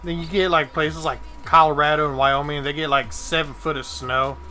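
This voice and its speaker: A man's voice: fairly high pitch, steady tone, fairly quick, sharp tone. A young man chatting casually while live-streaming a game, swearing and joking as he mocks other people. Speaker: gaming streamer. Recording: game music in the background.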